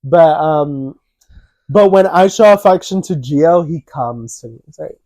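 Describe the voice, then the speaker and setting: A young male co-host with a fairly high, mellow voice tells stories at a measured pace in a casual chat, acting out quotes animatedly in a raised voice. The recording is close and dry, with no room sound.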